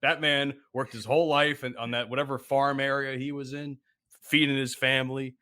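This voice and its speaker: A man's voice: medium pitch, little pitch movement, moderate pace, pushed and bright. A man hosting a casual podcast with jokey, laughing banter. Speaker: podcast host.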